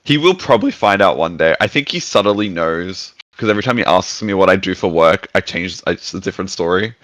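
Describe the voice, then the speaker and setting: A young man in his twenties with a low-pitched but bright, forceful voice, chatting on a podcast. He tells animated stories and acts out what others said. The sound is dry and close. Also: a little fast, no room sound. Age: 20s. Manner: animated storytelling, acts out quotes. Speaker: podcast guest. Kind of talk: casual chat.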